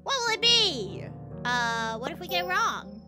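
A woman's voice: high-pitched, very animated, a little slow, music in the background. A woman with a Southern American accent streaming a game, goofy and chatty, reading game text aloud. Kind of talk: casual let's-play commentary.

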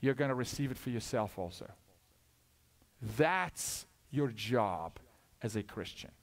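A male guest preacher, giving a sermon that swings from loud, high peaks to hushed, low asides. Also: lively intonation, a little slow.

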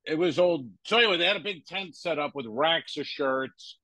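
A stand-up comedian co-hosting a podcast, telling a rambling backstage anecdote full of crude jokes. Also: male voice, a little high, normal speed, bright, forceful tone, no room sound, poor audio. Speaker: podcast co-host. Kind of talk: casual storytelling.

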